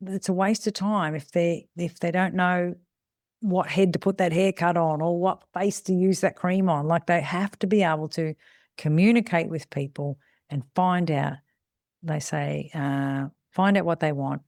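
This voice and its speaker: A woman's voice: lowish voice, a little mellow, dry recording, studio quality. A middle-aged woman, a salon business mentor, talking bluntly and casually and acting out bits of dialogue, with the odd swear word. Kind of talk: casual podcast talk.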